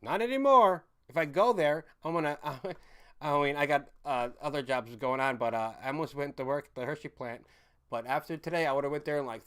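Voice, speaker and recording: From his home in a city, a man hosts a casual livestream, rambling through answers to viewer chat while swearing freely and laughing often. His voice runs on the high side, clear and resonant.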